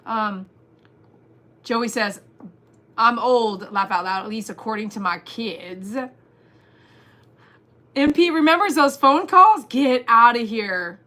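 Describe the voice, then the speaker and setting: Woman, livestream host, bright voice, fairly high, animated, reads chat aloud. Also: takes it slowly, long pauses. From Texas. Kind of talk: casual livestream chat reading comments.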